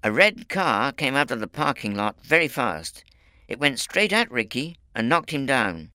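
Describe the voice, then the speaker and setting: A man's voice: mid-range voice, sing-song, moderate pace, sharp tone, clean tone, no echo, studio quality, voice pushed up. A man voicing an eager teenage boy witness in a storybook reading.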